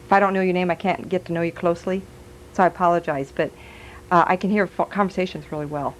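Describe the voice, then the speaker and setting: A woman's voice: fairly low pitch, steady tone, quick pace, a little hiss or hum, low-quality recording. A woman giving a live stage reading as a psychic medium, chatty and giggly, passing on messages aloud.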